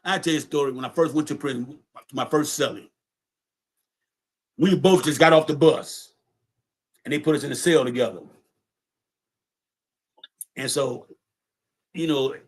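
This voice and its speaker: Casting note: man, slightly high voice, streetwise storyteller, loose and profane. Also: moderate pace, pauses often, a bit bright. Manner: streetwise, profane, repeats words. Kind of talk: casual storytelling.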